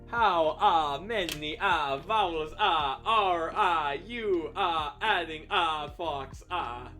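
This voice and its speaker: An over-the-top stereotypical Italian fellow, as a man puts him on, loud and a bit higher than plain speech, with a bright, forceful ring. He halts on an "uh" between almost every word, hammy and deliberately obnoxious, with faint music underneath. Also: full character voice. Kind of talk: comic put-on accent on a livestream.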